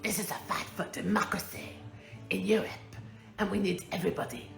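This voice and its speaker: Woman doing a mocking bit of a whiny man begging for weapons, higher and louder than her own voice, echoey room. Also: fairly quick, vocal fry, soft background music. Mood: mocking, pleading. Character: mocking impression of a pleading male wartime leader.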